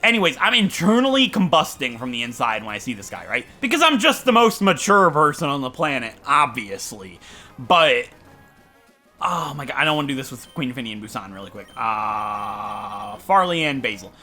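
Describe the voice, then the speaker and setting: A man's voice: mid-range voice, very animated, normal speed, sharp tone, faint music behind. A man commentating a game playthrough while telling rambling, self-mocking stories. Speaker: gaming channel host. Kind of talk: let's play commentary with storytelling.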